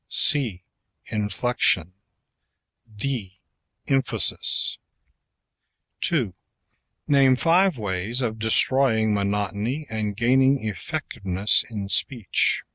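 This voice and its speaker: Slow, measured male audiobook narrator. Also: on the low side, a bit bright, dry recording. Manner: slow, measured reading of numbered exercises. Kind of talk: scripted narration of a public speaking textbook.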